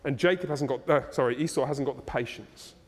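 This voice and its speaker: A man preaching a sermon as pastor, animated and playful as he tells the story. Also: mid-range voice, brisk. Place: church hall, live congregation. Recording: long reverb of a church hall.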